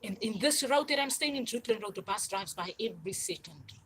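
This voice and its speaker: A woman's voice: medium pitch, lively intonation, a little fast, a bit bright, slight background noise, poor audio. A woman, hosting a livestream and talking in a rambling, repetitive, insistent monologue. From South Africa. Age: 40s. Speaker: channel host.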